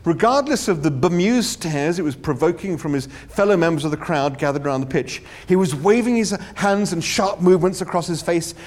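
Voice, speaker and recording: A man narrating an audiobook with wry, theatrical comic timing. His somewhat high voice swoops and dips animatedly. He leans into the humour of every line. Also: expressive, a little fast, hardly any pauses, darkish tone.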